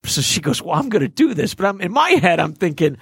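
A man, a stand-up comedian, telling stories in a casual interview, lively and jokey, acting out voices and laughing often. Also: sits high, fast talker, creaky, husky, no room sound, studio quality. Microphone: studio microphone and headphones.

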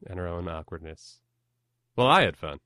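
A man's voice: sits low, expressive, moderate pace, pushed and bright, no room sound, clean studio sound. A young man hosting a podcast in casual, self-deprecating chat, rambling and often laughing. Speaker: podcast host.

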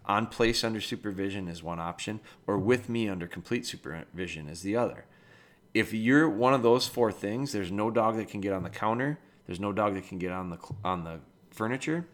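A middle-aged man hosting a dog training podcast, talking in a relaxed, plainspoken, matter-of-fact way. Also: fairly low pitch. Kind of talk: casual advice talk.

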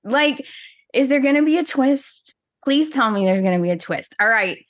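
This podcast co-host has a high-pitched voice with lively intonation and a moderate pace. She chats casually, venting in a dramatic, playful way.

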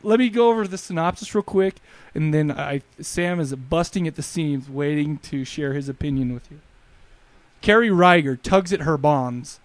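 A man hosting a podcast, chatting casually about a film, animated and joking with quick asides. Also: fairly high pitch. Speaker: podcast host. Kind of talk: casual movie review chat.

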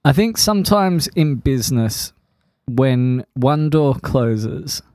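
A man co-hosting a podcast, chatting casually and joking with quick asides. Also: medium pitch, lively intonation, darkish tone, dry recording, clean studio sound. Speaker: podcast co-host.

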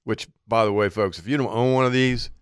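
Male radio co-host who tells long stories vividly; smooth, clear tone, close dry mic. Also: mid-range voice, brisk, no room sound. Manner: animated storyteller acting out his own thoughts. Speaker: radio outdoor show co-host. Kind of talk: storytelling on talk radio.

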